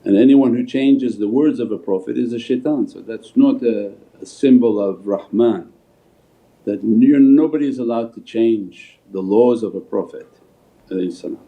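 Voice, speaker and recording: Sufi teacher, male, mid-pitched, storytelling sermon, tinny phone-line sound. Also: normal speed. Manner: storytelling teacher, answers questions calmly. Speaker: Sufi shaykh. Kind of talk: spiritual talk and Q&A. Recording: phone-like livestream audio.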